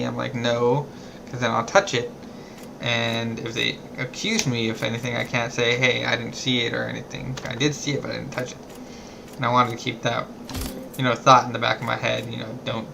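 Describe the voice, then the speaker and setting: A man's voice: medium pitch, creaky, low-quality recording. A man streaming a game, telling a long story in a rambling, casual way with many restarts. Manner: rambling, restarts often, quiet asides. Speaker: gamer streaming a playthrough. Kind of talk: casual storytelling while gaming. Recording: game music behind the voice.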